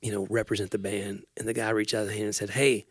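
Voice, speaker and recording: A man's voice: fairly low pitch, flat delivery, quick pace, slightly rough, no echo. A man co-hosting a podcast, telling embarrassing stories in casual chat and laughing often. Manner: storytelling, self-deprecating, laughs often. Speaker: podcast co-host.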